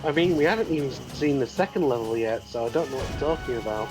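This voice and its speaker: A man's voice: mid-range voice, expressive, fast talker, music in the background, rough recording. A man chatting on a gaming stream, teasing the host with dry remarks. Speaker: stream guest. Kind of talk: casual gaming chat.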